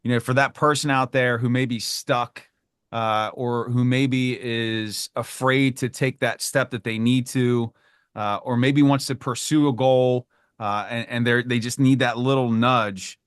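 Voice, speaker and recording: Brief: male podcast host, smooth resonant voice, dry close sound, earnest and thankful. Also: mid-range voice, steady tone, a little slow, no echo. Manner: earnest, grateful, repeats words. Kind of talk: interview hosting.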